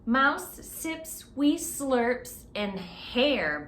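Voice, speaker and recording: A woman's voice: a little high, big pitch swings, very slow, few pauses, a bit bright, roomy sound, slight background noise. A woman librarian reading a picture book aloud at children's story time, stopping often to ask the children questions. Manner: interactive, asks children questions.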